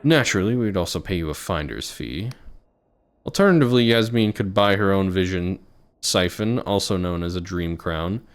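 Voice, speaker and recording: A man voicing a cold, suave male doctor who speaks in a pompous, theatrical, polished manner, with music playing clearly behind. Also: deep voice, lively intonation, moderate pace.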